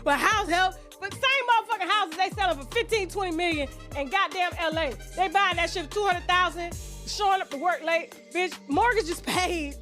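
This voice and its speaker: A woman's voice: very high-pitched, normal speed, bright, forceful tone, soft background music. A woman giving a blunt, profane rant to the camera, laughing now and then.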